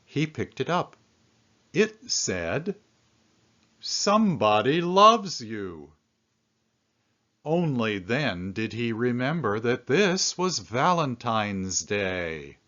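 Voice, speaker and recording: A man reading a children's picture book aloud, telling the story in an expressive way. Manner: slow, expressive storytelling with lively pitch swings. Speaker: storybook reader. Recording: dull lo-fi recording.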